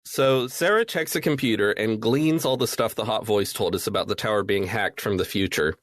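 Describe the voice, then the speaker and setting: A man's voice: fairly low pitch, brisk, dry recording. A man co-hosting a podcast, recapping a game's story in a dry, wry way. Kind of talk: casual recap and chat.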